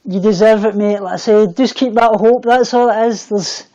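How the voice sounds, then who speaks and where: A man's voice: high-pitched, fairly even intonation, moderate pace, dull audio. Scottish man chatting on a livestream. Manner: warm, repeats himself, stumbles on words. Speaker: livestream host. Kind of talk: casual livestream chat. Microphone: computer mic on a livestream.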